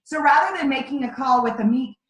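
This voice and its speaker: Emphatic high-voiced woman coaching her team. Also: fairly quick, reverberant, rough recording. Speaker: sales team leader. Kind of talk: motivational team training on a video call. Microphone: video call microphone.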